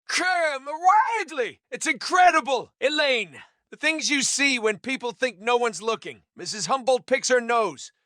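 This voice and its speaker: A man voicing an excitable, eccentric male neighbor who talks in high, breathless bursts. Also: normal speed, dry recording, studio quality. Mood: excited.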